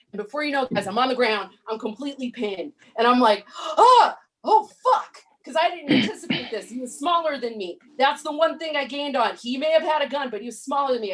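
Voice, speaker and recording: A woman's voice: fairly high pitch, fairly bright tone. Brash profane woman doing stand-up. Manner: brash, profane, punchy storytelling. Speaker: stand-up comic. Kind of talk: stand-up set.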